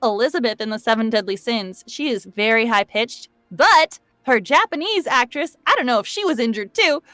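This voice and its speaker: A woman voice actress chats casually and laughs easily, her pitch a touch high. She sounds close and dry, with faint music under her. She gets animated when she talks about her craft. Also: normal speed, no echo. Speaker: voice actress guest. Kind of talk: casual chat.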